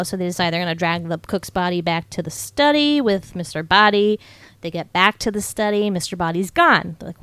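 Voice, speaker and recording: A young adult woman co-hosting a podcast, casually recapping a film and acting out characters' lines in quick put-on voices. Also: fairly low pitch, fairly bright tone, smooth, no echo. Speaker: podcast co-host.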